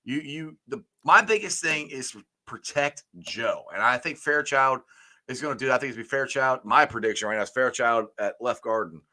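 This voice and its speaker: Bright-voiced man hosting a sports chat. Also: mid-range voice, a little fast. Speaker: sports podcast host.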